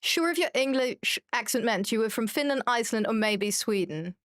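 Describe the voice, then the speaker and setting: A woman's voice: on the high side, lively intonation, moderate pace, fairly bright tone, no echo. Chatty German woman streamer, dry close mic. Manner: chatty and self-mocking, reads chat aloud. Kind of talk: casual chat while gaming.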